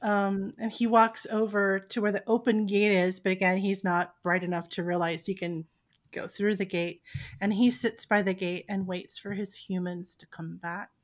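A woman's voice: medium pitch, level tone, normal speed. A woman narrating a tabletop game as game master, telling the scene in a storytelling way. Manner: storytelling, playful, puts on character voices.

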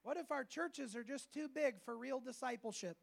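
Guy preaching in church, really high voice w some gravel, funny, acts out quotes. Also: moderate pace. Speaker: pastor. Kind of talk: sermon. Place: church service.

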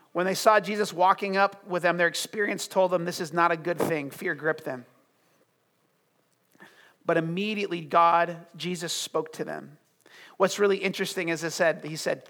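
A high-voiced man preaches a sermon with passion. He drops to soft, hushed lines and then climbs back up loud and fervent. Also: fairly even intonation, normal speed. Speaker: pastor.

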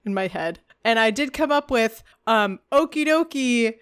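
Woman podcast host, slightly high voice, animated retelling, crackly static in the audio. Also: a little slow, clean tone. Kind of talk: casual chat.

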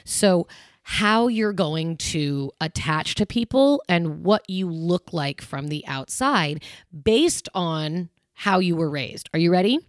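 A woman's voice: fairly low pitch, lively intonation, slow pace, no room sound, clean studio sound. A woman in her thirties hosting a podcast, chatting casually about relationships and laughing easily. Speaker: podcast host.

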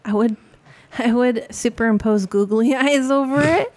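A woman's voice: on the high side, darkish tone. A woman co-hosting a casual movie podcast, telling stories with a giggly, playful manner. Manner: giggly, storytelling with quick acted asides. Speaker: podcast co-host.

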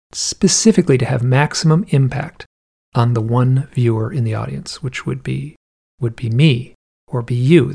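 A man tells a story in a casual, rambling, animated way, full of vivid detail. His voice is gravelly with a husky edge, and he often stops to restart his sentences. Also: medium pitch.

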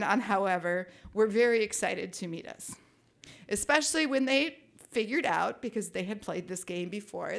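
A woman spins a personal story with lively, animated delivery, dropping wry asides as she goes. Her pitch sits in an ordinary middle range, neither high nor low. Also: gravelly. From Minnesota. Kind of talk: personal story told to an audience.

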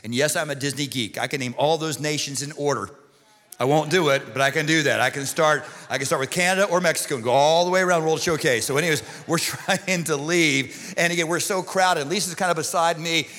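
Animated man preaching in a big hall. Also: on the high side. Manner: animated, comic storytelling with shouted punchlines. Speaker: pastor. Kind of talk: sermon with storytelling. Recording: long reverb of a large hall.

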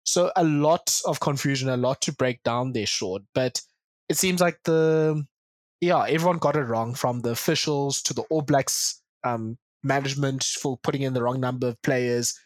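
A man's voice: mid-range voice, normal speed, dry recording. Man hosting a rugby podcast, dry sound. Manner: steers the talk, lists stats. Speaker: podcast host. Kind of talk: casual rugby discussion.

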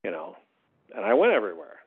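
An American man telling stories in a casual conversation as a podcast guest, his voice jumping up high when he makes a point. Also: fast, breathy edge. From United States. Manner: animated storyteller, voice rising high on emphasis. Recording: tinny phone-line sound.

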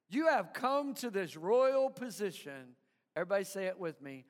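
A man's voice: high voice, sing-song, measured pace. A man pastor delivering an emphatic sermon, calling for responses from the congregation and often stumbling over repeated words. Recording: live sermon with long hall reverb.

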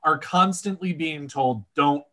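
A man co-hosting a casual podcast about a book series, talking in animated, emphatic bursts. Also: fairly high pitch, unhurried. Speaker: podcast co-host.

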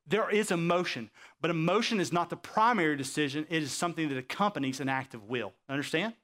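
A man's voice: a little high, fast. A male pastor preaching a sermon, acting out quoted characters and often asking his congregation if they understand. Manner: animated preaching, acts out quoted voices, asks the audience questions.

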